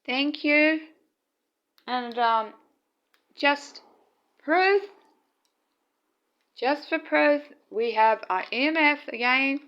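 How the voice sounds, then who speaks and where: Woman filming at home at night, high soft voice, slow and tender, muffled phone sound. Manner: soft, tender, talks to her late husband. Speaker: vlogger. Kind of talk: casual home video narration. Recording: dull lo-fi phone recording.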